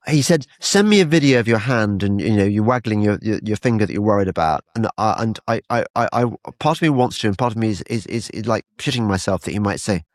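Male podcast host, lowish voice, hesitant and stammering, dry close mic. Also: animated, fast, hardly any pauses, dry recording. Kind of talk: casual podcast chat.

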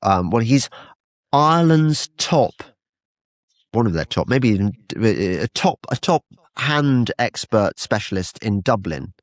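A man's voice: lowish voice, animated, slow pace, dry recording. A man hosting a casual podcast chat, often stumbling and restarting his sentences. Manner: hesitant, stammering restarts. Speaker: podcast host.

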